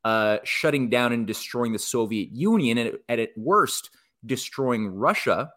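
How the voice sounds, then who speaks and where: A male guest giving political commentary in conversation, rambling with frequent restarts and animated asides. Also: medium pitch, a little slow.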